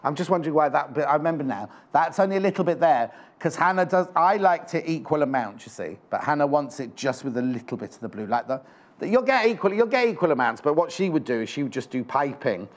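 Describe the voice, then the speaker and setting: Chatty man, fairly high voice. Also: very animated, fast. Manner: chatty, rambling, self-correcting. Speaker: shopping channel presenter. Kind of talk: live TV selling chat. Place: TV studio.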